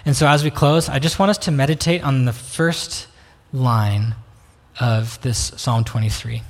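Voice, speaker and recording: Reflective male pastor in a hall. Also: medium pitch. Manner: slow, reflective pauses, inviting. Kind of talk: sermon. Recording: long reverb of a hall.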